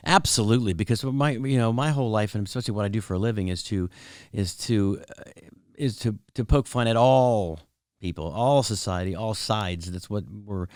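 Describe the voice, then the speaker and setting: A middle-aged man, a comedian guest, chatting casually and telling lively anecdotes, acting out other people's voices and laughing often. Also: on the low side, moderate pace, no echo, clean studio sound. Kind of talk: casual chat, storytelling.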